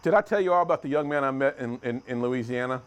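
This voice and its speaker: This is a middle-aged US man motivating a youth group through storytelling, his volume rising loud and dropping hushed. The delivery is smooth and quick, at a medium pitch.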